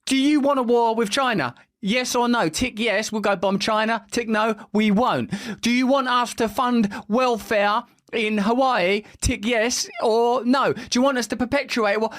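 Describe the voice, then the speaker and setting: A man's voice: very high-pitched, fairly even intonation, unhurried, a bit bright. A man, hosting and giving sarcastic, mocking commentary on news clips, swearing casually. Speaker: podcast host.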